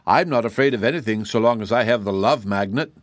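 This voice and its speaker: A man voicing a gentle, unflustered shaggy wandering man with a kindly, solemn manner in an audiobook. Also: fairly low pitch, quick pace, dry recording, clean studio sound, lightly acted. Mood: reassuring. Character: calm, cheerful, whimsical shaggy wanderer man. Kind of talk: audiobook character voice.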